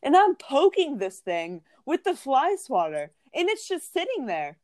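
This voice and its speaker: A woman co-hosting a podcast who tells family stories in a casual, animated way, full of "like", and often acts out the other people's voices. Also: sits high, measured pace, no echo. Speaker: podcast co-host. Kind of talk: casual storytelling chat.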